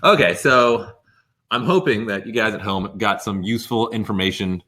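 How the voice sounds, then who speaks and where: A young man co-hosting a dog training webinar, summing up lessons and pitching an offer in an upbeat way. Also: moderate pace, bright, forceful tone. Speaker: co-host. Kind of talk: webinar presenting.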